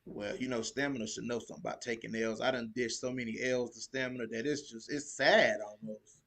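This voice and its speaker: A man's voice: mid-range voice, fairly even intonation, a little fast, fairly bright tone, a little hiss or hum. A man hosting a casual podcast, talking in a laid-back, slangy way and laughing often. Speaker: podcast host.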